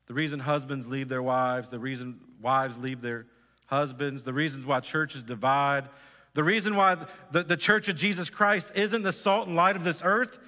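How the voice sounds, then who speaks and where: A man's voice: mid-range voice, fairly even intonation, normal speed, bright, forceful tone. A pastor preaching a sermon, earnest and exhorting, putting direct questions to his congregation. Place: church sanctuary. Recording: church hall reverb.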